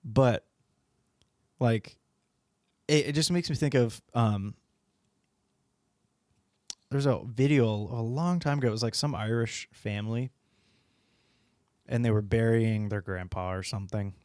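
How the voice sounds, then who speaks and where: A man's voice: mid-range voice, a little slow, long pauses, darkish tone, no echo. A man co-hosting a podcast, casual rambling chat, laughing often and swearing freely. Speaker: podcast co-host.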